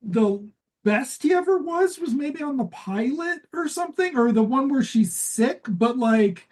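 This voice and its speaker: Sardonic swearing woman podcast host. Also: measured pace. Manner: sardonic, swears freely, lively jumps in pitch. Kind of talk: casual comedic chat.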